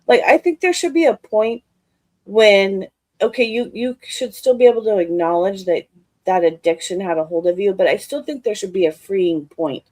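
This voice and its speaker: A woman's voice: mid-range voice, normal speed, darkish tone, no echo, rough recording. Blunt, swearing woman stream host. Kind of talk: casual chat.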